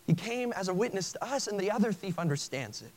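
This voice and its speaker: A man's voice: high voice, sing-song, fast, a little mellow, rough recording. A male pastor preaching a sermon in an earnest way, often stopping and restarting his phrases. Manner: earnest, with frequent stammered restarts.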